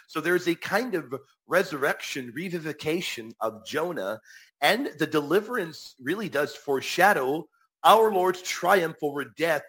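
A man's voice: fairly high pitch, fairly bright tone, husky. A man answering viewer questions on faith in a casual live talk, emphatic and repeating his key phrases.

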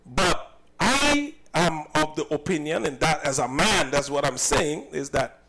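A man's voice: fairly high pitch, expressive, measured pace, creaky, heavy background noise. A man from Saint Kitts, a cook and business owner, recounting a personal incident in an emphatic, indignant way and often repeating himself.

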